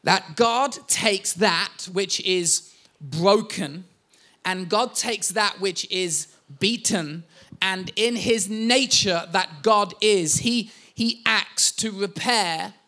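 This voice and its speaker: A man's voice: high-pitched, sharp tone. A man in his thirties, a pastor, preaching a sermon and telling family stories with self-deprecating humor.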